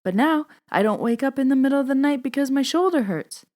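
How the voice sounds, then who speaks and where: A woman voicing her curious, earnest elderly grandmother in a higher voice as she retells a story. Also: lively intonation, fairly quick, a little mellow.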